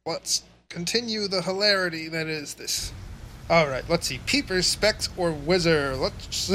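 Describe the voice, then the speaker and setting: A man's voice: a little high, measured pace, bright, forceful tone, a little hiss or hum, poor audio. A man commentating wryly over a video game, mumbling and drawling. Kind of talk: let's play commentary.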